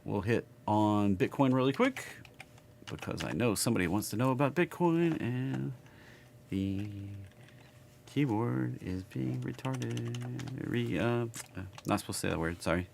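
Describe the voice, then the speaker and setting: Southern man, lowish voice, casual market commentary, rambling, keyboard clicks. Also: animated, moderate pace, creaky, a little mellow, a little hiss or hum. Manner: rambling, thinks aloud while typing. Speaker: market analysis streamer. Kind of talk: casual live chart commentary.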